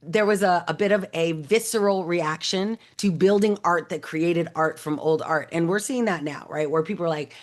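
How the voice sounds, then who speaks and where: A woman's voice: on the low side, moderate pace, few pauses. A woman in her thirties telling a personal story in a casual talk, acting out quoted dialogue with many fillers. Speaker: AI educator.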